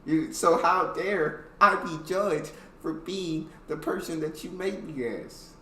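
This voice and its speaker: A man's voice: a little high, slow, bright, forceful tone, roomy sound, slight background noise. A man hosting a reaction video, commenting casually and calling his listeners bro. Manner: laid-back, says bro a lot.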